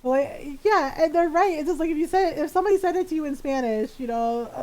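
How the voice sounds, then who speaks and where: A woman's voice: high voice, fairly quick, poor audio. A young woman streaming a game, chatting casually, telling a story, and laughing often. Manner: quiet muttering while decorating in game. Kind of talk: casual live-stream chat while gaming.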